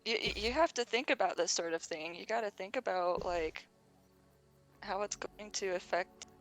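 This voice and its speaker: A woman playing in a tabletop game who talks hesitantly and haltingly, with many fillers. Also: mid-range voice, soft background music. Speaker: player. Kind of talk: casual tabletop game play.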